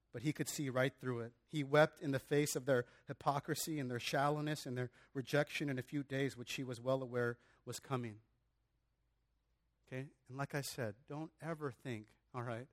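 A man preaching a sermon in an earnest, conversational way, often restarting his phrases and adding casual asides. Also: medium pitch. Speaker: pastor.

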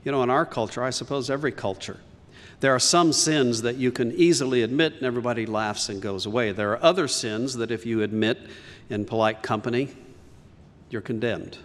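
A man's voice: mid-range voice, brisk, in a large hall. A man preaching a sermon as pastor, earnest and emphatic, rising on key lines.

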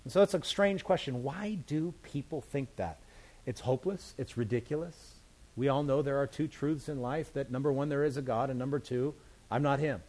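A man's voice: mid-range voice, moderate pace, a little mellow. Man preaching with playful asides. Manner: conversational, plain-spoken preaching with playful asides. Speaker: pastor. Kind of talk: sermon.

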